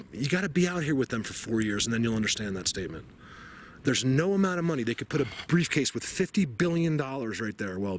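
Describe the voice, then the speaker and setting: A man vlogging outdoors in a snowy forest, emotional and awed, rambling and sometimes dropping to a hushed voice. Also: mid-range voice, slight background noise. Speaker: vlogger exploring the woods. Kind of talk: excited outdoor vlog narration.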